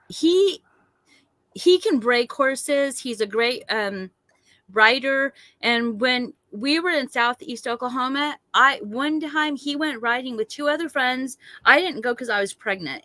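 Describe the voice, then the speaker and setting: A woman, a guest telling a personal story in a chatty, animated way and acting out other people's lines. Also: high-pitched, no room sound. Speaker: guest recounting a sighting.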